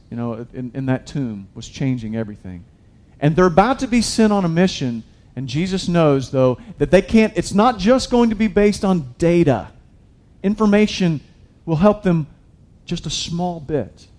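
Male pastor, slightly high voice, chatty sermon delivery with lots of restarts. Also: a little mellow. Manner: conversational preaching, addresses listeners as guys, many restarts.

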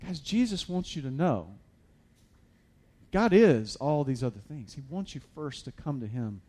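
A man's voice: on the high side, lively intonation, a little slow, warm tone. A man preaching a sermon as a pastor, conversational with many fillers and restarts, building to emphatic peaks.

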